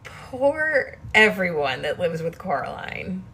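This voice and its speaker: A tired woman talks casually on a home live stream, moving between flat tired remarks and high baby talk for her cats. Her voice is bright and lively, her pace slow and easy. A faint hum of the room sits behind her on the phone recording. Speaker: cat rescuer streaming live.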